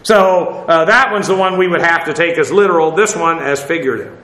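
A man leads an informal Bible study in a rambling, conversational way, circling back with fillers and restarts. His voice sits a little high and sounds bright and forward. The room around him is echoey. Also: brisk. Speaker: Bible teacher.

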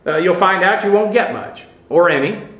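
A man's voice: high-pitched, animated, moderate pace, fairly bright tone, echoey room, rough recording. A man teaching a verse-by-verse Bible lesson, explaining at length with many filler uhs and restarts.

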